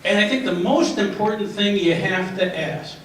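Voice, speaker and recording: A middle-aged man leads a staff training session in a lawyerly, questioning manner. His voice sits slightly high for a man. It is picked up from a distance in a strongly echoing room with faint background noise. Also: moderate pace, a bit bright. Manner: lawyerly, asks rhetorical questions and tags them with "right?". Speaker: trainer leading a staff workshop. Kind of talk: lecture with questions to the audience. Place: large echoey room. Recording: echoey room recorded from far off.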